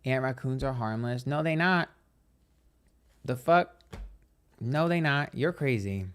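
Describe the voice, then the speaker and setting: A man hosting a psychic livestream, telling stories in a sassy, dramatic, profane way, speaking quietly on a train. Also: medium pitch, slow, smooth. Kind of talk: casual livestream chat.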